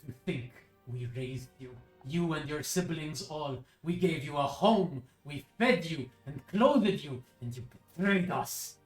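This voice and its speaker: A man's voice: on the high side, animated, unhurried, hardly any pauses, faint music behind. A man voicing a vengeful, cruel judge in a tabletop game, speaking with menace in an echoey room. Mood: menacing. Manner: menacing, then shouting orders.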